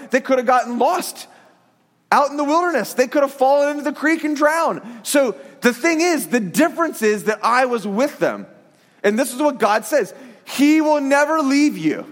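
A middle-aged man, a pastor giving a sermon in a conversational, animated storytelling way. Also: very high-pitched, in a large hall.

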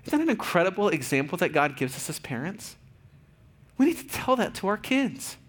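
A man in his thirties, a pastor giving a conversational, earnest sermon with fillers and restarts, going soft and quiet at tender points. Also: high voice, big pitch swings, brisk. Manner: drops to soft, quiet tones for tender moments.

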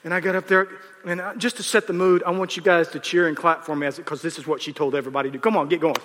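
A man in his fifties, a pastor preaching a storytelling sermon in an animated way, often acting out the people he quotes. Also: fairly high pitch, very fast, slight background noise. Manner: animated, acts out quotes, restarts. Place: large church auditorium. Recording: reverberant hall.

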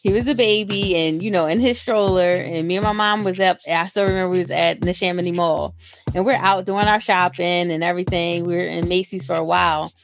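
A woman's voice: lowish voice, steady tone, fairly quick, soft background music. A woman co-hosting a casual podcast, telling a story in a laid-back, slangy way with laughs. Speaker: podcast co-host. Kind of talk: casual chat.

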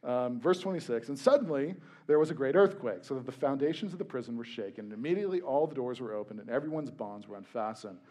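Animated man preaching a sermon. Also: mid-range voice, fast talker, hardly any pauses. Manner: animated, conversational, jokey asides. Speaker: pastor.

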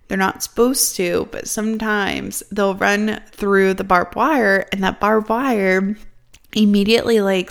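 Young woman, vlogger, casual storytelling, chatty, lots of "like" fillers, mid-pitched voice. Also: creaky, clear, resonant tone. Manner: chatty, heavy use of "like" as filler.

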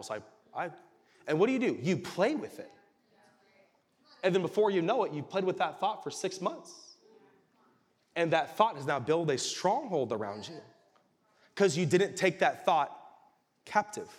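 A male pastor preaching a sermon with animated delivery that rises to shouts. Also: fairly high pitch, unhurried, pauses often. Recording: reverberant hall.

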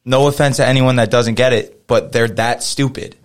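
A man's voice: mid-range voice, fairly even intonation, moderate pace. A man taking part in a casual panel discussion, speaking earnestly and plainly. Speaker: lifeguard panelist.

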